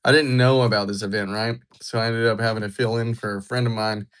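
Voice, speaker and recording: Fast and smooth, a young Georgia livestreamer talks with viewers in a lowish, fairly bright voice with a steady tone. He keeps it chatty and laid-back, joking throughout.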